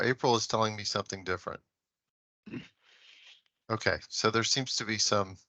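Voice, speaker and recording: A man's voice: on the low side, sharp tone, no echo. A man who works as an assistant state librarian, adding polite, hedging comments at a public board meeting over a video call. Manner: polite, hedging, thinks aloud.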